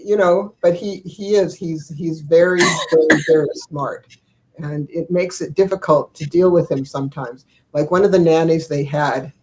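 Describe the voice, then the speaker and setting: A woman's voice: low voice, darkish tone, rough recording. An older woman chatting casually over a video call, telling family stories in a rambling, chuckling way with many fillers. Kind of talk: casual storytelling chat.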